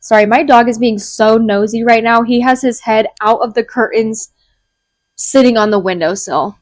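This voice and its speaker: Young woman, high voice, podcast co-host, casual, laughs easily. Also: moderate pace. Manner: chatty, self-deprecating, laughs easily. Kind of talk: casual chat.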